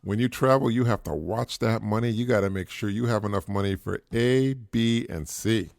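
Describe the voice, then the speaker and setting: A man's voice: on the low side, normal speed, creaky, darkish tone, no echo, clean studio sound. A middle-aged man hosting a podcast, giving casual parenting advice in an earnest, repetitive way and chuckling at his own points. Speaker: podcast host.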